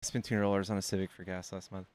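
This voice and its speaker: A man's voice: deep voice, rapid-fire, clear, resonant tone, dry recording. Rambling, foul-mouthed American streamer guy. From United States. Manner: rambling, animated storytelling with profanity. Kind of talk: casual chat.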